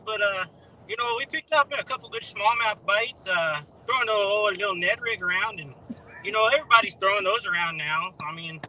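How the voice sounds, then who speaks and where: A man's voice: sits high, pushed and bright, slight background noise, full character voice, poor audio. A man doing an impression of a friendly Canadian angler with a put-on Canadian accent, rambling with fillers. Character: chatty Canadian male angler from northern lakes.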